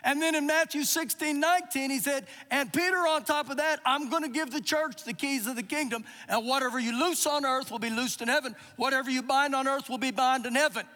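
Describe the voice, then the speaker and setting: A man's voice: extremely high pitch, steady tone, a little fast, hardly any pauses, bright, forceful tone. A man preaching a sermon, reading verses and acting out quotes with emphasis. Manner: expository preaching with dramatized quotes. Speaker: pastor. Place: church service. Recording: live service with long reverb.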